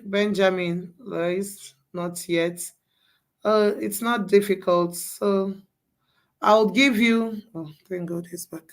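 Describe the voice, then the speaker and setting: A woman leading a live class, walking students through each step and repeating herself to coax them along. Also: mid-range voice. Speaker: bootcamp instructor.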